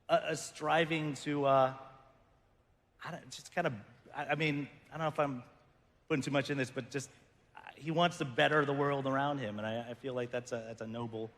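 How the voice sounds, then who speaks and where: A man voice actor on a panel, talking haltingly and searching for words. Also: fairly high pitch, a bit bright. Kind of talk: panel conversation. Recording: echoey hall.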